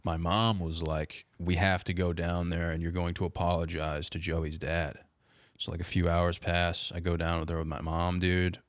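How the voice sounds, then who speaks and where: A young man with a very deep, low voice tells a story in relaxed, casual chat. He peppers every sentence with "dude" and "like." The sound is dry and close, with no room echo. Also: moderate pace. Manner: laid-back, says "dude" and "like" constantly. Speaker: podcast guest.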